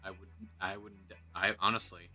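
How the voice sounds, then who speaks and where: A man's voice: deep voice, little pitch movement, normal speed, bright, forceful tone, soft background music. A man co-streaming in casual chat, easygoing and teasing.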